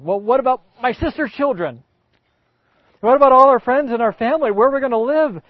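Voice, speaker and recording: A man's voice: very high-pitched, a little fast, no room sound, highs cut off, voice pushed up. A man doing fretful old Sarah. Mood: anxious pleading. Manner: pleading, then sarcastic. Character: fretful old woman, Sarah, protesting a move.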